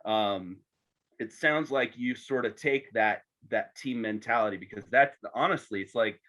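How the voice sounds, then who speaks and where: A man's voice: on the low side, unhurried, fairly bright tone. Chatty male podcast host. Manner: chatty, joking, with some false starts. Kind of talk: casual interview chat.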